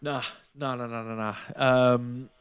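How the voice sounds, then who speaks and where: Animated man telling stories. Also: mid-range voice, unhurried, smooth. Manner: animated anecdote-telling, swears freely, acts out quotes. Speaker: podcast co-host, former boxer. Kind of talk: casual storytelling chat.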